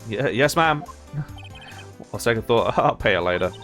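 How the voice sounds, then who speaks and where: A man's voice: medium pitch, lively intonation, moderate pace, fairly bright tone, soft background music, pitched below the performer's own voice, natural voice. A man voicing an earnest young male defense lawyer, hesitant and apologetic.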